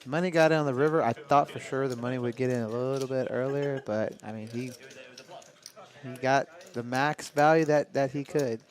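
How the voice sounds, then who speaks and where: A man joins the poker commentary as the sidekick. His voice sits in a mid range. He sounds easygoing and chimes in with quick agreement and laughs. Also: mid-range voice, fairly even intonation.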